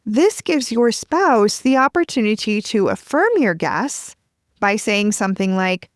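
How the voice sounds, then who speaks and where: Podcast host, woman, gentle and measured advice delivery, dry close studio sound. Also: mid-range voice, animated, dry recording. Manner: gentle, measured, acts out example phrases. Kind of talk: calm advice monologue.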